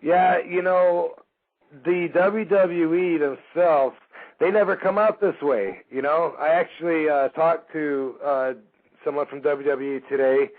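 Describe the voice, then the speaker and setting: A man's voice: on the high side, unhurried. A man hosting a radio show, telling a story casually with lots of fillers and acting out the voices of the people in it. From Michigan, USA. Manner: animated, acts out quoted voices, frequent fillers. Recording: phone-like narrow band radio audio.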